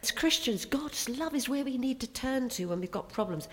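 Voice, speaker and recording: A woman's voice: mid-range voice, normal speed, few pauses. A woman preaching a sermon with emphatic, sharply rising and falling delivery. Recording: long hall reverb.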